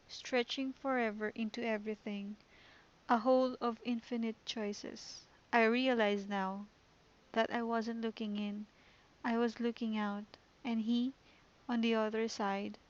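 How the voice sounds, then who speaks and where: Woman reading a poised schoolgirl club leader from a game, gentle and calm, on a dull lo-fi mic. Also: fairly high pitch, a little slow, lightly acted. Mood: hushed. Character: poised confident teen girl club president. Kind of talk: reading game dialogue aloud.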